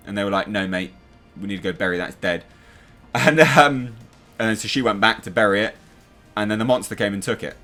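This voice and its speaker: A man's voice: medium pitch, fairly bright tone. An English man hosting a TV review channel, talking casually and animatedly, swearing now and then and making sound effects. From England.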